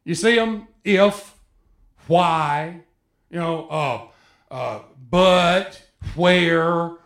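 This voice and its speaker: A man preaching a sermon, animated, acting out biblical voices with rising emphasis. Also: a little high, extremely slow, roomy sound.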